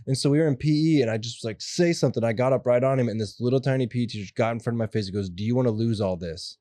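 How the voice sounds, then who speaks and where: A young adult man telling stories as an interview guest, animated and acting out the voices of people in them. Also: mid-range voice, rapid-fire, no echo. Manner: animated, acts out quoted voices. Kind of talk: casual storytelling interview.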